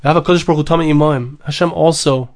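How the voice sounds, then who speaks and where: A man's voice: on the high side, fairly even intonation, extremely slow. A man giving a Torah lecture, mixing in Hebrew and Aramaic phrases and repeating words for emphasis. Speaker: rabbi teaching Torah.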